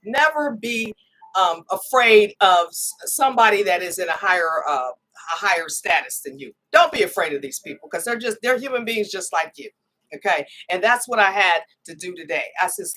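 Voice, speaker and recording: A woman, hosting a casual livestream as a spiritual reader, talking in an animated storytelling way, acting out other people's lines and tagging sentences with "okay?". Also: mid-range voice, moderate pace, poor audio. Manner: chatty, animated storytelling with frequent laughs and "okay?" tags; acts out others' lines in quoted voices. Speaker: spiritual reader and channel host.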